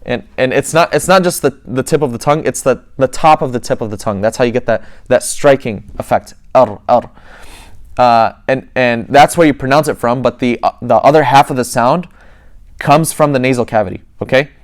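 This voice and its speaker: A man's voice: medium pitch, fairly quick. A man teaching a lesson, explaining step by step, repeating words and demonstrating each sound himself. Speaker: tajweed teacher. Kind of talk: classroom lesson.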